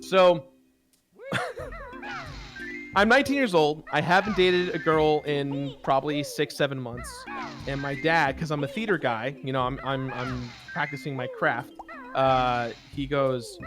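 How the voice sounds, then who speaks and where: Lively self-conscious storyteller man. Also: fairly high pitch, measured pace, over music. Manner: rambling, self-conscious, many fillers and restarts. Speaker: guest storyteller on a charity gaming stream. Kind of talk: casual storytelling.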